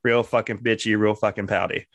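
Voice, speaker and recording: A man's voice: fairly low pitch, brisk, no room sound. Crude storytelling man, dry sound. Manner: crude, animated, profane. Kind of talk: casual comedic storytelling.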